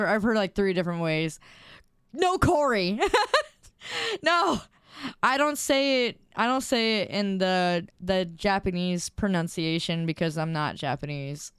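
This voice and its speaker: A woman's voice: fairly low pitch, clean tone, no echo, studio quality. A young woman streamer in casual chat, reading viewer messages aloud and giggling often.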